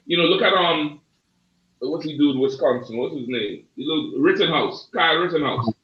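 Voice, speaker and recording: A man's voice: a little high, lively intonation, normal speed, recorded from a distance. A man hosting a casual panel discussion, talking in an emphatic, preacherly way. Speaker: host. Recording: dull, roomy sound from off mic.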